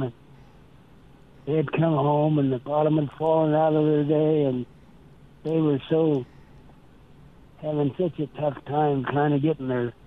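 An older man from Nebraska, a former pastor, telling earnest stories and quoting his talks in an interview. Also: fairly high pitch. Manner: slow, earnest storytelling with quoted dialogue. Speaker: interview guest. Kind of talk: storytelling interview. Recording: tinny phone-like line.

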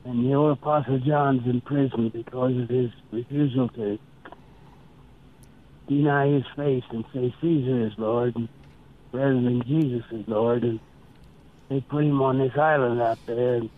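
An older man from Nebraska tells earnest stories in an interview, slowly acting out his past conversations. His voice comes through a thin, tinny line, as if on the phone. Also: mid-range voice, fairly even intonation. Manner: slow, earnest storytelling with quoted dialogue. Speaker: interview guest. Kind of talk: storytelling interview.

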